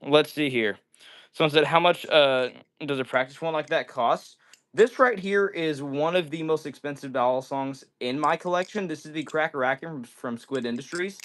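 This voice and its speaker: A man's voice: a little high, fairly bright tone. A man hosting a casual live stream, reading viewers' comments aloud and answering them in an upbeat way. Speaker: livestream host.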